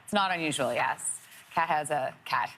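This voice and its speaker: A woman's voice: sits low, moderate pace, background noise. A woman co-hosting a morning show in casual, playful chat. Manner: chatty, laughing, playful.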